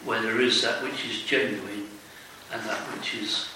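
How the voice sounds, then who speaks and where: A man commenting in a Bible study discussion, speaking haltingly with many hesitations. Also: fairly low pitch, little pitch movement. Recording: echoey room, distant mic, faint hiss.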